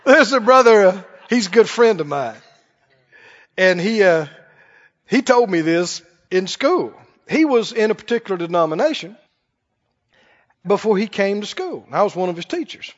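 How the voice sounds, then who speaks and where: A man preaching a sermon in an animated, conversational way to a church congregation. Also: high-pitched, normal speed. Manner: animated, conversational, acts out quoted voices. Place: church hall. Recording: dull recording with long hall reverb.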